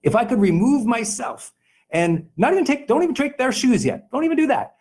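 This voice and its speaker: Lively, high-voiced man coaching. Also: a little fast. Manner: animated and emphatic, acts out quoted people. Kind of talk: motivational talk.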